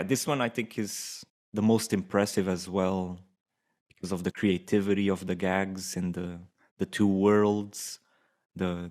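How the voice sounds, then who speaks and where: A man co-hosting a casual film-review podcast. He speaks in a relaxed, thoughtful way and often restarts his sentences. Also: low-pitched. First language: Portuguese. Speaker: podcast co-host.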